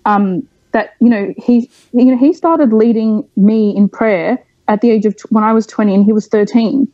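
A woman's voice: on the high side, moderate pace, no echo, highs cut off. Frank young woman telling her story. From Australia. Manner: frank, animated storytelling with many fillers. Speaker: podcast guest. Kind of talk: candid personal interview.

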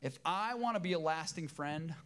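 Middle-aged male pastor, emotional and emphatic sermon delivery, somewhat high-pitched voice. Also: animated, normal speed, a bit bright. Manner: emotional, emphatic preaching with repeated phrases.

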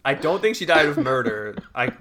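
A man's voice: medium pitch, very animated, moderate pace, over a noisy crowd. A man casually telling a long internet story on a podcast, reading forum posts aloud. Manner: reads forum posts aloud, breaking into laughter.

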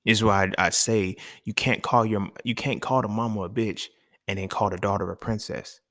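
A man's voice: lowish voice, fairly even intonation, fairly quick, a bit bright, dry recording, clean studio sound. A man talking casually and emphatically, with profanity and speech, hosting a solo podcast. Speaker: podcast host.

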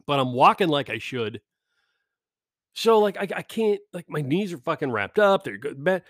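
A middle-aged man on a podcast, ranting sarcastically and swearing constantly, mocking people in high put-on voices. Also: sing-song, normal speed, a bit bright, no echo, studio quality. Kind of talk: profane comedic rant. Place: California.

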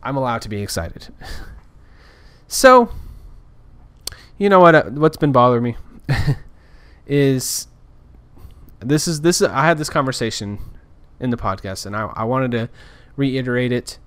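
A man's voice: medium pitch, expressive, moderate pace, a bit bright, clean tone, no echo. A man talking in a casual, rambling rant, frustrated and full of restarts. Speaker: podcaster. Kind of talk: casual ranting monologue.

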